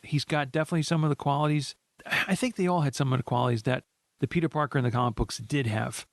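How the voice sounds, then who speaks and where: A man co-hosting a casual movie podcast, talking in a measured, thoughtful way. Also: medium pitch, fairly even intonation, dry recording, clean studio sound. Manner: measured, thoughtful, trails off into restarts.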